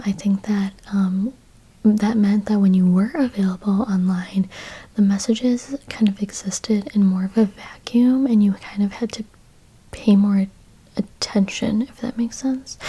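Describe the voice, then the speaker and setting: A woman's voice: medium pitch, mellow, slightly rough. A woman in her twenties whispering a rambling chat ASMR video, full of fillers and "like"s, in a whispered role-play style. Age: 20s. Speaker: ASMR YouTuber.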